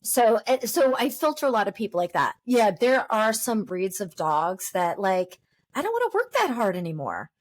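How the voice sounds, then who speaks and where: A woman in her fifties, a dog trainer chatting as a podcast guest, telling lively stories and acting out the voices of people she quotes. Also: mid-range voice, normal speed. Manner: lively storyteller who acts out quoted voices. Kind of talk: casual podcast interview.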